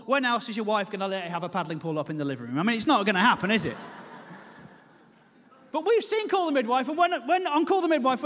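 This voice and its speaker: A man's voice: a bit bright, in a large hall. A man performing self-mocking stand-up comedy, telling a story and acting out his own panic. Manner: self-mocking, acts out panicked high-pitched voices. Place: comedy venue with live audience.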